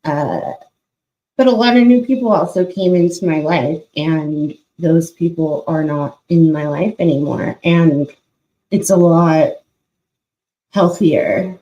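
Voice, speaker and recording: A young adult woman hosting her channel, telling a personal story in a halting, casual way with many fillers. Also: deep voice, warm tone, lo-fi sound. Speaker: YouTube channel host.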